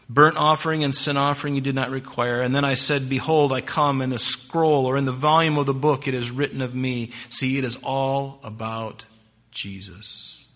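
Male pastor, bright forceful tone, sermon delivery, emphatic then hushed. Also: mid-range voice. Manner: expository preaching with scripture quotes; swings between emphatic rises and hushed drops.

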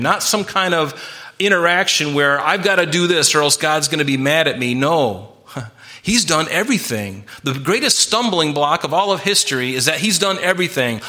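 Man, pastor, preaching, bright forceful tone, earnest, emphatic, repeats himself. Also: fairly high pitch. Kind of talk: sermon.

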